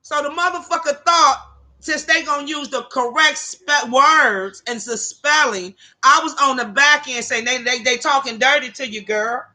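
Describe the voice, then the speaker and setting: A woman hosting a livestream tells stories to her chat viewers in a brash, profane, casual way, calling them "y'all." Her voice is high, bright and forceful, at a normal speed.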